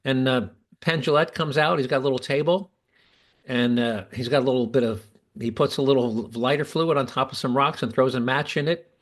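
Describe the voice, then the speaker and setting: Talking fairly quickly in a medium-pitched voice, this podcast host chats casually. He restarts his sentences often while explaining.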